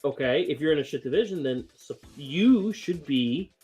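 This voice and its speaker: A man co-hosting a casual sports podcast, excitable and rambling, often laughing. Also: fairly high pitch, normal speed, husky, soft background music. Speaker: podcast co-host.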